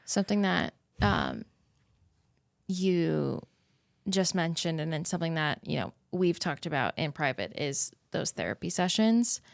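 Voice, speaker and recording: A woman hosting a podcast, asking gentle and empathetic questions. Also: sits low, sing-song, unhurried, vocal fry, no room sound, studio quality. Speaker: podcast host. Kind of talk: interviewing.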